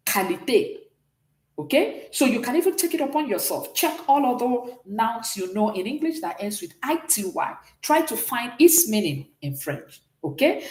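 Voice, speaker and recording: A woman's voice: medium pitch, darkish tone, echoey room. A woman teaching a beginners' French class, patiently explaining and often checking in with "okay?". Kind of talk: online class lesson.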